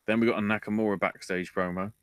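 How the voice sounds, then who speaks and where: A man's voice: on the low side, steady tone, quick pace, clear, resonant tone, no room sound. A man hosting a podcast, recapping wrestling in a casual way with offhand, wry asides. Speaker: podcast host.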